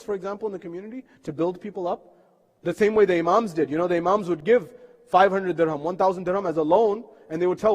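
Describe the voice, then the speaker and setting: A male preacher delivers a sermon with earnest storytelling and rhetorical questions. His voice sits high for a man. The sound carries the long reverb of a mosque hall. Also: darkish tone, slightly rough.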